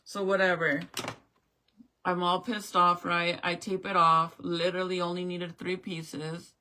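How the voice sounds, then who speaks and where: A woman's voice: lowish voice, flat delivery, a little slow, pushed and bright. A woman telling a storytime in a casual vlog rant, swearing and acting out both sides of the talk. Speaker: vlogger.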